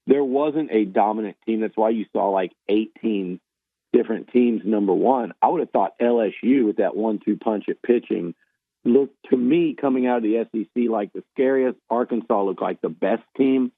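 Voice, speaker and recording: A man's voice: on the low side, no echo. A man giving casual sports analysis. He rambles, restarting and repeating himself as he works through his points. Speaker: baseball analyst. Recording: tinny phone-line sound.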